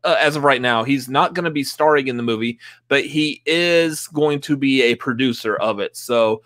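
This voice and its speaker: A man's voice: medium pitch, moderate pace, a bit bright, no room sound. Man, movie stream co-host, casual chat, fillers, dry close sound. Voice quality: chatty, filler-heavy, laughs often.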